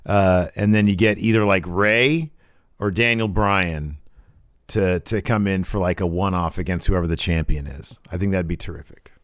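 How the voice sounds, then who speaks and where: In studio-quality audio with no room sound, a low-voiced man talks at a moderate pace as co-host of a casual livestream. He chats enthusiastically about wrestling, rambling, restarting often and frequently voicing agreement.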